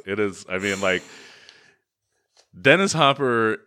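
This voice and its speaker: A man co-hosting a podcast, casually recapping a film with animated storytelling and sudden loud impressions. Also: lowish voice, slow pace, long pauses. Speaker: podcast co-host. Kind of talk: casual movie recap chat.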